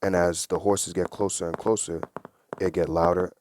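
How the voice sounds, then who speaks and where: A man's voice: low voice, flat delivery, normal speed, a little mellow, slight background noise. A man giving a casual Bible study, reading verses aloud and explaining them in an earnest, conversational way. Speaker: Bible teacher.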